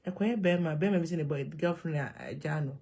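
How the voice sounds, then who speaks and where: Gravelly Ghanaian woman vlogging. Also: low voice, brisk. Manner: mixes Twi and English, animated and emphatic. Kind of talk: casual monologue to camera.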